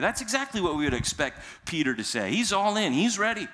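Guy preaching a sermon, kinda high voice, chatty, keeps asking the room questions. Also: very animated, fairly quick, few pauses, pushed and bright. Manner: conversational, asks listeners rhetorical questions; acts out quoted lines in casual modern speech. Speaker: pastor.

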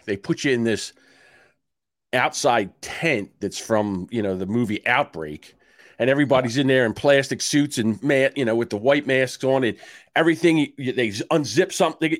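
Animated man in his sixties. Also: mid-range voice, dry recording, studio quality. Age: 60s. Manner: animated storyteller, swears, acts out both sides of phone calls. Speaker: podcast co-host. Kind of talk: casual chat.

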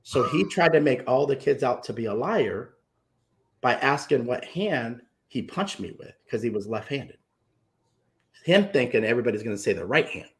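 Man, storyteller, animated, acts out voices, emotional, mid pitch. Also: normal speed. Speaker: guest author.

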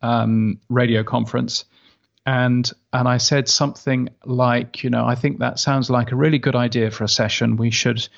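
Gravelly-voiced British man, lo-fi line. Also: medium pitch, flat delivery, moderate pace. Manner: hesitant, many restarts and "you know"s. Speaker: podcasting industry guest. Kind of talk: conversational interview.

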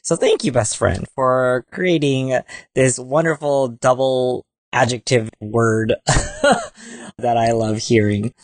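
A man's voice: mid-range voice, takes it slowly, dry recording. A young man co-hosting a podcast, chatting casually and rambling with lots of fillers. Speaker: podcast co-host. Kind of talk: casual chat.

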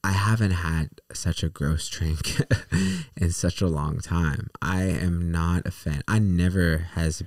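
A man's voice: sits low, takes it slowly, a little mellow, no room sound, studio quality, far from the mic. A young man in casual chat, rambling and laughing as he tells a story. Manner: rambling, laughing, restarts a lot.

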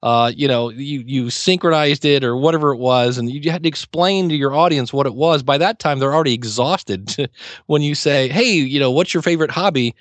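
A middle-aged man, a podcasting teacher, chatting as an interview guest and telling lively anecdotes with acted-out quotes. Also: medium pitch, moderate pace, no room sound. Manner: chatty storyteller, acts out quoted exchanges. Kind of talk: casual interview talk.

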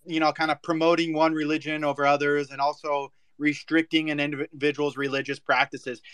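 A man's voice: on the high side, a bit bright, no echo. A man on a casual voice chat, explaining points at length and teasing others with sarcasm.

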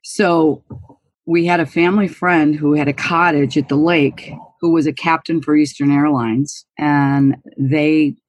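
Woman in her sixties, husky voice, dry close sound, earnest interview guest. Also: deep voice, steady tone, a little slow, no room sound. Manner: earnest and emphatic, candid. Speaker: guest, former college golfer. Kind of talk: interview storytelling.

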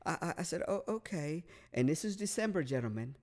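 A man's voice: on the high side, expressive, fairly quick, a little mellow. A man telling a long story in casual podcast chat, rambling, repeating words, swearing and using lots of fillers. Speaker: podcast guest.

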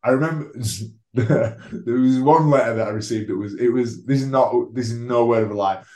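A man's voice: mid-range voice, normal speed, warm tone. A man, a rugby league player telling his own story as a podcast guest, frank and self-deprecating, swearing freely. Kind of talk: candid conversational storytelling. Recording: roomy echo.

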